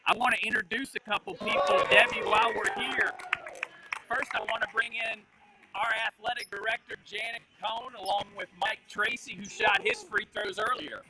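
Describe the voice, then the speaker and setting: A man's voice: high voice, level tone, normal speed. A man, a basketball coach, upbeat and jokey, introducing guests on a live stream. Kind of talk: casual chat.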